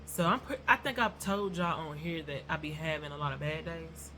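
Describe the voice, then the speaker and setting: A woman's voice: low voice, moderate pace, sharp tone, slight background noise. A woman telling a rambling story to her viewers in a casual vlog, chatty and addressing them as y'all. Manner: self-described nervous and non-confrontational. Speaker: YouTuber.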